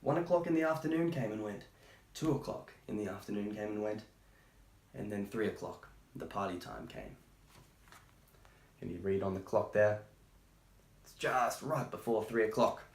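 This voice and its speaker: A man reading a children's picture book aloud, breaking off for chatty, gentle asides. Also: lowish voice, normal speed, long pauses. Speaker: storytime reader. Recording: roomy echo.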